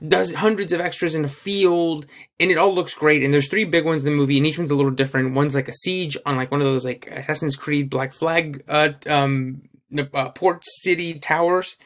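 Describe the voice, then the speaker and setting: A man's voice: a little high, steady tone, a little fast, a bit bright. A man co-hosting a podcast in casual chat, rambling with many fillers and restarts, and swearing freely. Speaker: podcast co-host.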